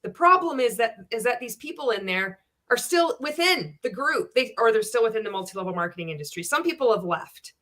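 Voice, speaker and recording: A woman's voice: fairly high pitch, expressive, a little fast, hardly any pauses, a bit bright. Forties woman host, heated and profane, casual interview talk. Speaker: podcast host.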